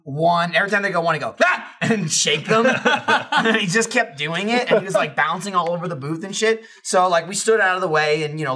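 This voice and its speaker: A young man co-hosting a casual podcast, telling an animated story full of fillers and swearing. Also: a little high. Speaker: podcast co-host.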